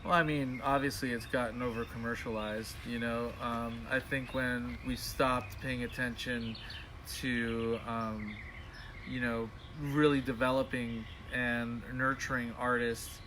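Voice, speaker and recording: A man's voice: mid-range voice, level tone, measured pace, noisy background. A man who is a studio musician and producer, talking in a laid-back, rambling way in a casual interview.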